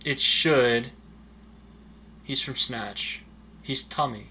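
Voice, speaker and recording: A man's voice: medium pitch, extremely slow, bright, forceful tone, slight background noise. A man co-hosting a casual movie chat, giving dry, teasing, opinionated takes. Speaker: podcast co-host.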